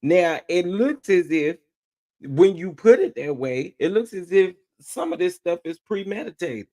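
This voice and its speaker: A man's voice: high-pitched, animated, a little slow, a little mellow. A man hosting reaction commentary, incredulous and amused, laughing often as he talks. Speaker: commentary host.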